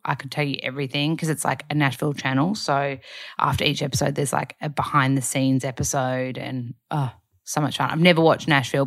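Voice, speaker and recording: Chatty low-voiced woman. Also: vocal fry. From Australia. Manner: chatty, rambling, with many fillers. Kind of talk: casual chat.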